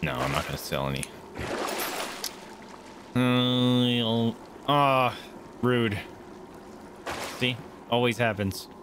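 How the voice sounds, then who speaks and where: A young man giving let's play commentary, excitable, yelping and swearing as he plays. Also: mid-range voice, very slow, pauses often, background noise. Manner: excitable, yelps and swears while playing. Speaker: gamer. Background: loud game music.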